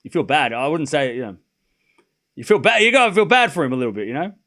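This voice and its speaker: A man hosting a live tennis watchalong, his voice sitting a little high and swinging through a wide, animated range. He calls the score, then drifts into loose, chatty asides full of laughs and casual swearing. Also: quick pace. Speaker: stream host. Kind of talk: live sports watchalong commentary.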